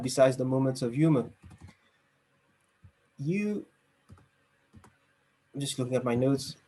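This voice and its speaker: A man's voice: mid-range voice, a little mellow. A man giving a structured, encouraging evaluation of a speech over a video call from home. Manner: structured, encouraging, with emphatic pauses. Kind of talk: online club speech evaluation.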